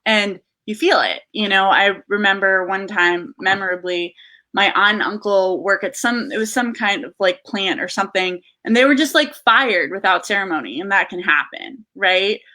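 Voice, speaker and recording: A woman's voice: medium pitch, moderate pace, bright, forceful tone. A woman from Southern Virginia co-hosting a political talk show, telling personal stories in an earnest, conversational way. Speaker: co-host. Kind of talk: casual political chat.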